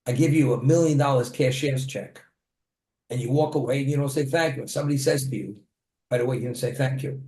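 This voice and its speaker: A man's voice: mid-range voice, fast talker, dark tone, roomy sound, slight background noise. A man delivering a plain-spoken sermon, telling a story from his own life with the occasional restart.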